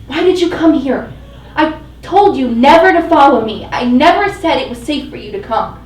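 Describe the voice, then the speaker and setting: A woman's voice: fairly high pitch, normal speed, a little mellow, close to an everyday voice. A woman voicing a remorseful young man, an archer, with a plain, pleading delivery, in a live reading. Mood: angry. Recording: roomy live venue, mic at a distance.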